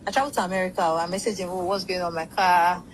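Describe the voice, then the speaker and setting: A woman talks quickly and casually as an interview guest. Her voice sits a little low. She rambles, swears and slips into quoting other people, with a faint hiss of noise behind her. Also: fairly even intonation, low-quality recording. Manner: rambling, acts out quoted speech, swears. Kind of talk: casual storytelling.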